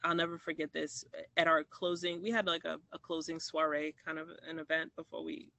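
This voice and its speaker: A man's voice: on the high side, level tone, fairly quick, vocal fry, sharp tone, dry recording. A man from Maryland telling a personal story in an interview, reflective, with restarts and acted-out quoted dialogue. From Maryland, USA.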